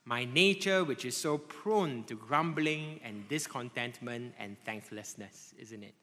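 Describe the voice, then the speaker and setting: A man preaching a sermon to a congregation, animated and conversational, often checking in with tag questions like "right?" and "okay?". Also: medium pitch, measured pace. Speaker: pastor. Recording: long hall reverb.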